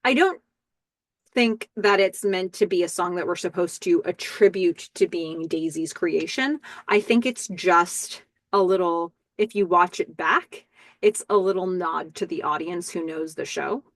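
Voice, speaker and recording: A woman's voice: lowish voice, unhurried, no room sound. A woman hosting a podcast, recapping a TV episode in casual talk and quoting the characters in her own voice. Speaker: podcast host.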